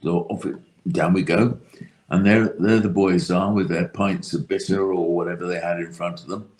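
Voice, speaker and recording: A man's voice: low voice, fairly even intonation, moderate pace, a little mellow. A man with a British accent telling a dry, self-deprecating anecdote as a guest. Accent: British English. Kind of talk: casual anecdote.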